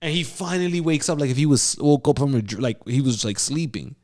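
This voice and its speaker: A man co-hosting a casual podcast, telling a story with lively acted-out quotes and frequent laughs. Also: medium pitch, brisk. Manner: animated storyteller, acts out quotes, laughs often. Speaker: podcast co-host.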